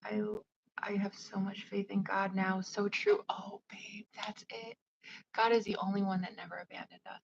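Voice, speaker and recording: A woman speaks in a soft, breathy half-whisper that keeps drifting loose and rambling, full of "like" fillers. The voice sits at an ordinary middle pitch for a woman. The audio is slightly dull and lo-fi, as from a casual livestream. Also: level tone, brisk. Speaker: psychic medium and spiritual advisor.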